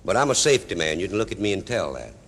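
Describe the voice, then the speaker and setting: A man with a Cajun accent tells comic stories in broken-English dialect to a live audience, speaking in a folksy drawl. His voice sits low and swings widely in pitch, moving very fast with a fairly bright tone. The recording has a big-room sound and slight background noise.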